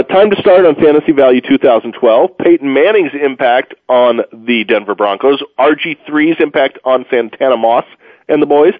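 A man's voice: fairly high pitch, dry recording. A man hosting a casual sports talk radio show, rambling and joking with plenty of fillers, tired from moving. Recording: phone-like, dry radio audio.

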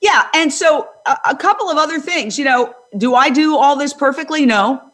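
An older woman hosting a panel discussion, talking loudly and emphatically, often digressing. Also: high voice, animated, normal speed. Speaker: host.

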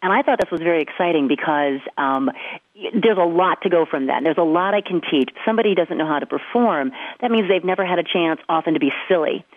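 A woman's voice: fairly low pitch, animated, fast talker, dry recording. A woman performance coach with a General American accent, telling stories in a chatty way. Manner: storytelling, chatty. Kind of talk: casual radio chat. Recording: dry phone-line radio sound.

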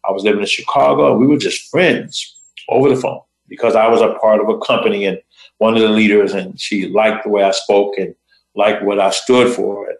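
A man hosting a show, telling a motivational story in short phrases with dramatic, deliberate pauses. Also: on the low side, steady tone, vocal fry, roomy sound, low-quality recording. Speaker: host.

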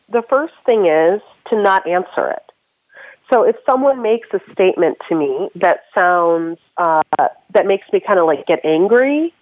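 A woman's voice: medium pitch, no echo. Female career coach, earnest, explains in steps; phone-line audio, dry. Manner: earnest, advice-giving, explains step by step. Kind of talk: podcast interview answer.

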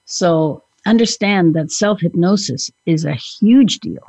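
A woman's voice: lowish voice, slow, a little mellow, no room sound. A woman hypnotherapist co-hosting a podcast, talking earnestly about her work with clients in casual chat. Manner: earnest, speaks from client experience.

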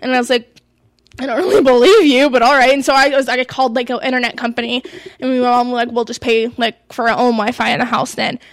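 Young woman, animated storyteller, casual talk-show co-host, highish voice, dry close sound. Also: fast talker, no echo. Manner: animated, quotes herself and others.

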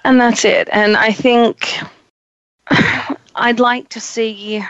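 Hoarse, croaky woman hosting a chat show. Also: fairly high pitch, fairly even intonation, extremely slow, a bit bright, no echo, dull audio. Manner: sardonic, opinionated. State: hoarse from the flu. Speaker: host. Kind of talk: casual chat.

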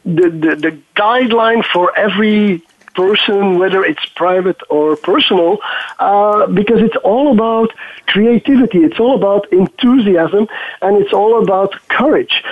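A man's voice: high voice, unhurried, dry recording. A man joining a radio panel as a guest, talking hesitantly and repeating words as he searches for them. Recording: tinny phone line.

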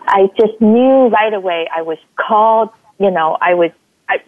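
A woman from Vietnam, a life coach, telling her story in a casual interview and acting out quoted lines in a much higher voice. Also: normal speed. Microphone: phone call. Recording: tinny phone line.

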